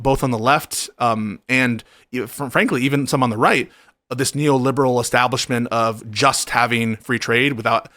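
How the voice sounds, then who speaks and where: Male host, mid-pitched, earnest and halting, dry close mic. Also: sharp tone, dry recording. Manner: earnest, halting, restarts often. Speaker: show host. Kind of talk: casual political chat.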